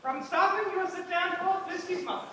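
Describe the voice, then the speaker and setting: A woman's voice: very high voice, moderate pace, a bit bright, a little hiss or hum. A woman playing an earnest carpenter who directs a group of amateur players on stage. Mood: organizing. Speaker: stage actor. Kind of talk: stage play performance. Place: theater stage. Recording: echoey stage from far off.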